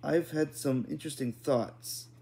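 A man's voice: on the high side, measured pace, gravelly, mellow, voice pushed up. A man voicing a dramatic, overly polite boy in a storybook reading, his speech stiff and formal. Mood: earnest.

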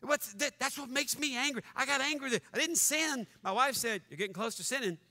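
A man preaching as pastor, animated and mock-angry, joking with his congregation in a church. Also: very high voice, fairly quick. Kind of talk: fiery sermon. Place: church sanctuary. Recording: long church hall reverb.

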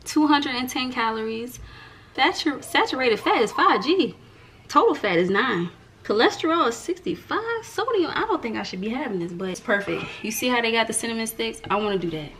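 A woman's voice: a little high, lively intonation, brisk, a bit bright, a little hiss or hum. A young woman from the American South, chatting playfully to the camera as a vlogger at home and talking to her viewers like friends. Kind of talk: casual chat to camera.

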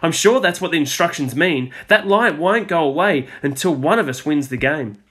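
A man's voice: on the high side, lively intonation, normal speed, sharp tone, husky, pitched above the performer's own voice, heavily acted. A man voicing an eager, bossy young girl. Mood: insistent. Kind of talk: storybook read-aloud.

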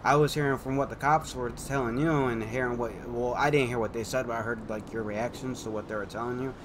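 A man's voice: mid-range voice, fairly even intonation, quick pace, slight background noise. A man casually recounting a roleplay session in a rambling way, restarting sentences and quoting the others. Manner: rambling, restarts often, quotes others as he tells it. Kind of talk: casual chat.

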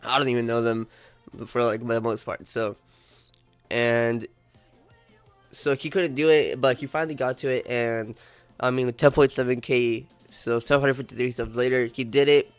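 A young man's gameplay commentary, stuffy from being sick, loose and chatty, breaking into loud cursing when a race goes wrong. Faint music plays underneath his voice. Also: mid-range voice, normal speed, smooth, no room sound. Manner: swearing, animated outbursts at the game. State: sick, congested. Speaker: gaming YouTuber. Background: faint background music.

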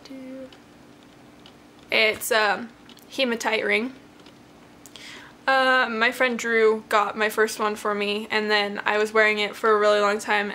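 A woman's voice: medium pitch, fairly bright tone, slight background noise. A young woman chatting in a rambling, casual way with many fillers, showing her jewelry to the camera from her bedroom. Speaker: vlogger. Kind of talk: casual show-and-tell vlog. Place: bedroom at home.

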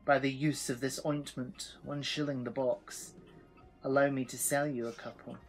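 A man reading aloud and voicing a boastful, cranky old father in a soft rhyming recital. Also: medium pitch, little pitch movement, normal speed, faint music behind, natural voice, low-quality recording. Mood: gruff.

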